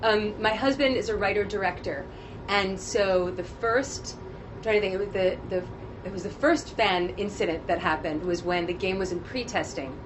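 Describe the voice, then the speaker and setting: A voice actress telling stories in an animated, laughing way during a casual convention interview. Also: female voice, mid-range voice, normal speed. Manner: animated, laughing often, acts out quotes. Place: convention media panel. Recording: noisy convention floor.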